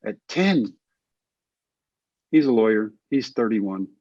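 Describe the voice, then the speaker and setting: A middle-aged man from Texas, a former baseball pitcher, telling stories in a casual interview and acting out the voices of other people. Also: slow, no echo, dull audio. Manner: animated, acts out quoted voices.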